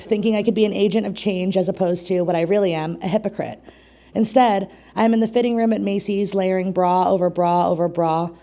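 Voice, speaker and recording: A woman's voice: mid-range voice, warm tone. Breathless, giggly woman poet at an open mic. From New York State. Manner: nervous, laughing asides, chatty. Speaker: poet and co-host. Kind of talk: open mic poetry reading. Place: small community venue.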